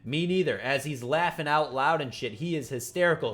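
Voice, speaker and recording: A man hosting a casual reaction show, reading aloud and commenting in an excitable, profane way, with faint music behind him. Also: medium pitch, brisk, few pauses. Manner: excitable and profane, laughs along. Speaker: manga reaction host.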